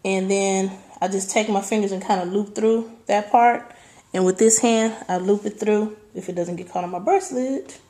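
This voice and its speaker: A woman hairstylist hosts a relaxed tutorial, chatting as she explains each step. Her voice sits mid-pitch. The salon adds a roomy echo. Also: moderate pace. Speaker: hairstylist, host. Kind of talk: casual hair tutorial. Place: hair salon indoors.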